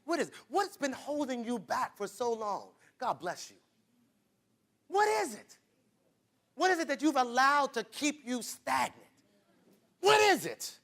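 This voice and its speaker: A man preaching a sermon, repeating phrases in a rhythm and building from quiet lines to shouts, calling out to the congregation. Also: very high-pitched, sing-song, unhurried. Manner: calls on the congregation directly.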